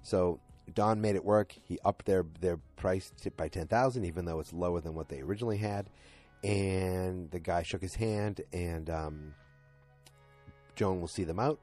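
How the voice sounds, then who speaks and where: Husky low-voiced man rambling through a recap. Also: moderate pace, darkish tone, soft background music. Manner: rambling retelling full of fillers and "he's like". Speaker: podcast host recapping a TV episode. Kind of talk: casual episode recap.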